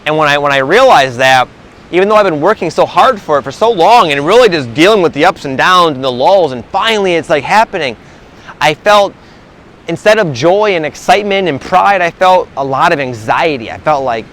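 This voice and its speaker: A man's voice: fairly high pitch, animated, moderate pace, fairly bright tone, a little hiss or hum. A man talking as a spiritual coach in a casual vlog monologue, rambling with many restarts and filler words.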